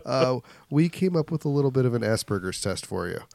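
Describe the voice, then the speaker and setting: A man's voice: medium pitch, very animated, brisk, creaky, darkish tone, dry recording. A man co-hosting a podcast in casual chat, wry and rambling, often trailing off. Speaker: podcast co-host. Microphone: podcast mic without pop filter.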